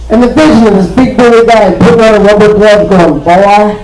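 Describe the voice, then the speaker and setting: A man from Toronto performing a stand-up comedy set, telling stories deadpan and acting out the other people's voices. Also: high-pitched, fast, faint music behind, some chatter behind. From Toronto, Canada. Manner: deadpan storytelling with acted-out voices. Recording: roomy club sound, mic heard from a distance. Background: audience laughter.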